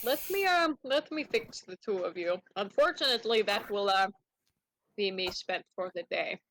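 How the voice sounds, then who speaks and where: A woman's voice: mid-range voice, expressive, normal speed, a bit bright, a little hiss or hum. A woman playing a tabletop game over voice chat, speaking hesitantly with many ums and sounding caring toward the other players.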